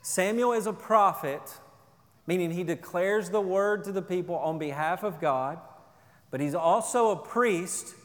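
A man's voice: sits high, measured pace. A man preaching a sermon as pastor, earnest and emphatic, often repeating words as he presses a point. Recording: long hall reverb.

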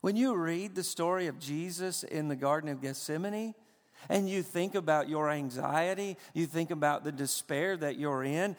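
A man preaching a sermon, moving from hushed storytelling to impassioned crying out. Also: a little high, moderate pace, big-room sound. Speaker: pastor.

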